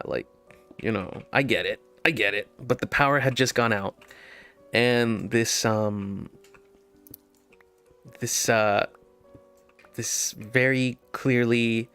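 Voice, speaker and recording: A man's voice: lowish voice, a bit bright. A man telling a casual story over gameplay, laughing often and restarting his sentences.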